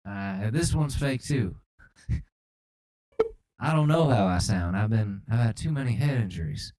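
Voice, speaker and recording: Role: podcast co-host. Style: casual comedic chat. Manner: crude, joking, swears freely. Pitch: mid. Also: expressive, measured pace, noisy background.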